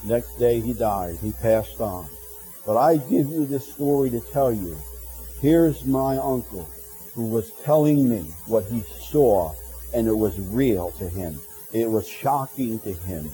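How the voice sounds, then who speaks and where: Dark-voiced earnest male preacher. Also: medium pitch, animated, low-quality recording. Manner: earnest, halting restarts, grows quiet and tender toward the end. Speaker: pastor. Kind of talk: sermon storytelling. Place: church.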